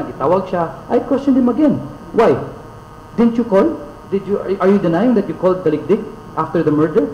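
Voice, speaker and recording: A man's voice: fairly high pitch, darkish tone, echoey room, highs cut off, a little hiss or hum. A man with a Filipino accent, a congressman guest on a radio interview, talking emphatically and switching languages, with many pointed rhetorical questions. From Philippines.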